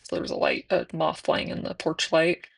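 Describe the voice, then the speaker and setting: Young adult woman, casual nail vlogger, chatty and low with some vocal fry. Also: little pitch movement, normal speed. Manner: chatty, sometimes drifting into soft whispers. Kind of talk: casual chat while doing nails.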